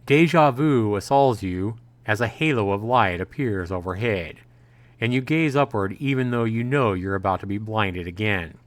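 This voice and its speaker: A man's voice: on the low side, moderate pace, no room sound. A man streaming a visual novel, reading the narration aloud with frequent fillers and self-corrections. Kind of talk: let's-play narration.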